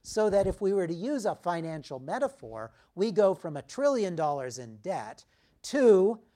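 A man preaching a sermon, emphatic, dropping his voice low for key phrases. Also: big pitch swings, mellow. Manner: slow, emphatic preaching with dramatic drops in volume.

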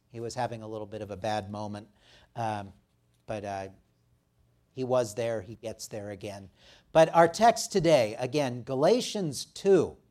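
A male pastor preaching in a church at a mid pitch. He fills his pauses with "uh" and pushes his voice louder to stress key points. When he reads scripture aloud, his voice lifts and grows emphatic. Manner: frequent "uh" fillers, rising loud for emphasis. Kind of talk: sermon with scripture reading and prayer.

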